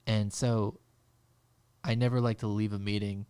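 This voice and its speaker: A man who runs a business and has employees, calmly reflecting on ownership in a podcast chat. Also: fairly low pitch, normal speed, clean tone, dry recording. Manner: thoughtful, steady, reflective. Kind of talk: casual podcast conversation.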